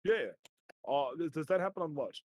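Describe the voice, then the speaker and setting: A lively Canadian man running a tabletop game stream, chatting and cursing freely between sessions. His voice is a bit husky and swings widely up and down. The sound is close and dry. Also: on the high side, moderate pace, no room sound. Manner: animated, swears freely, laughs often. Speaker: game master. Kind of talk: casual chat before a tabletop game stream.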